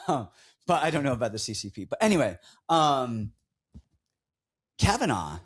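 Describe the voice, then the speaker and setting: A man's voice: mid-range voice, very animated, moderate pace, husky. A man co-hosting a casual podcast, breaking down fights and joking around in a rambling way. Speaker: podcast co-host.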